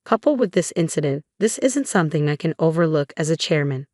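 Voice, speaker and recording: A man's voice: fairly high pitch, lively intonation, a little fast, a little mellow, no room sound, studio quality, natural voice. A woman reading the part of a stern elderly company chairman who scolds firmly. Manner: firm, reproachful.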